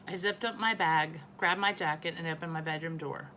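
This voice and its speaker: A woman teacher reading a children's novel aloud, expressive and correcting her own small slips. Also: sits low, brisk, a little hiss or hum, low-quality recording.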